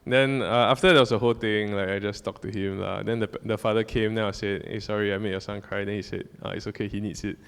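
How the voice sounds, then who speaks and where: A man's voice: lowish voice, fairly even intonation, quick pace, gravelly, few pauses, a bit bright, clean tone. A young man tells a personal story as a casual church talk, rambling with many fillers and restarts. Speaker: church speaker. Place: church hall. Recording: long hall reverb.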